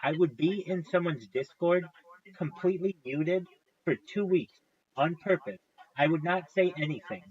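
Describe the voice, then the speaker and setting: The recording is dull, and the man's voice is a little high at a normal speed. He's a live streamer talking casually to his audience, cursing frequently and ranting until he's worked up.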